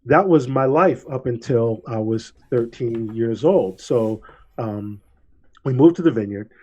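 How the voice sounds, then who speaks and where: A man's voice: medium pitch, a little slow, breathy edge. Guy on a podcast, laid back storytelling, acts out the quotes, slightly dull lo-fi sound. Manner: relaxed, animated when quoting people. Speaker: podcast host. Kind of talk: casual storytelling chat.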